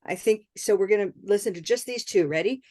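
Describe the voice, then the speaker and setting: A woman's voice: mid-range voice, a little fast, mellow, no echo, clean studio sound. A woman, leading a live online pronunciation lesson and patiently modeling words for learners to repeat. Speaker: English pronunciation teacher.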